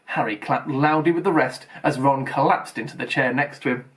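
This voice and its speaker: A man reading a novel aloud as an expressive storyteller. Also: medium pitch, normal speed. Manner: expressive storytelling, voices for characters. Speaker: audiobook reader.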